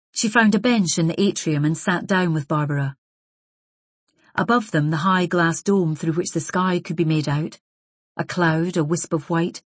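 A woman narrating a novel in a measured, even storytelling manner. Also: on the low side, slightly rough, no echo. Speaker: audiobook narrator. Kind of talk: scripted narration.

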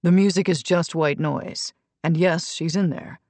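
Woman voicing a calm condescending male trainer. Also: on the low side, a little slow, no echo. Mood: calm, patronizing. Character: smooth controlling male personal trainer. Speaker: audiobook narrator.

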